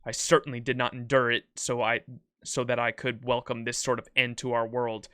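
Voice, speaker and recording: A man voicing a proud, defiant ancient emperor, reading game dialogue in a grave, measured way. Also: mid-range voice, little pitch movement, sharp tone, clear, resonant tone, dry recording, clean studio sound, natural voice. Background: background music.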